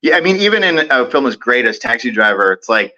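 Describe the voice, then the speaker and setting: A man's voice: medium pitch, very animated, quick pace, pushed and bright, muffled recording. A man as the guest in a casual film discussion, hesitant, with lots of fillers and trailing thoughts.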